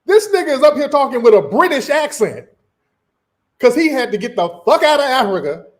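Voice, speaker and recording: A man's voice: very high-pitched, big pitch swings, a little fast. A man, mocking brashly in a played clip, swearing freely. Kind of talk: heated commentary clip.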